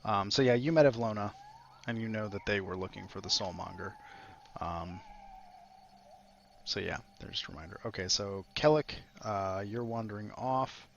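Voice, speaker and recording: A man's voice: on the low side, normal speed, gravelly, lo-fi sound, slight background noise. A man running a tabletop game as game master, narrating in a rambling way with many fillers.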